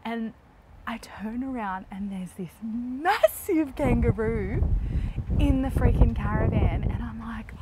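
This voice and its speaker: A woman's voice: a little high, slow pace, background noise. An Australian woman in her thirties, a mother co-hosting a casual family travel chat, telling stories with lots of laughter and "like" fillers. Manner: lively, laughs often, many "like" fillers. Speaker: co-host, mother. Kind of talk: casual chat, animated storytelling.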